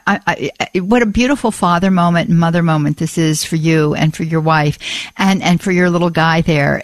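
A woman's voice: on the low side, no room sound. A woman hosting a religious call-in radio show, effusive and gushing with praise.

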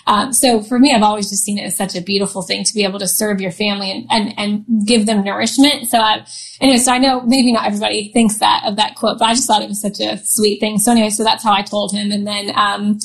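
A woman's voice: medium pitch, steady tone, fast talker, vocal fry, low-quality recording. A woman in her thirties telling a personal story in a casual interview, chatty, laughing often, with lots of fillers and restarts. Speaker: guest.

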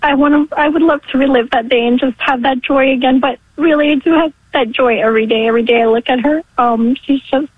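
A woman in her forties calling in to a radio show, tearful and halting as she gives an emotional testimony. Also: high voice, fairly even intonation, slightly rough, no room sound. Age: 40s. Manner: halting, with apologetic laughs. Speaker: caller. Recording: dry tinny phone line.

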